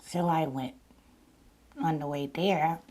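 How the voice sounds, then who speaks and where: A woman with a sore throat, hosting a mukbang and slowly retelling a story to her viewers in a casual way. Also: deep voice, steady tone, warm tone. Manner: slow, deliberate retelling with repeats. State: sore throat, partly lost voice. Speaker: mukbang channel host.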